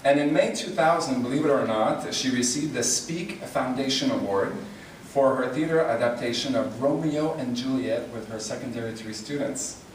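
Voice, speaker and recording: Man co-presenting an award, relaxed and encouraging, heard from far off in a reverberant hall. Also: medium pitch, normal speed, hardly any pauses, slight background noise. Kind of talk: reading a tribute speech. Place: large convention hall. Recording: echoey hall, distant mic.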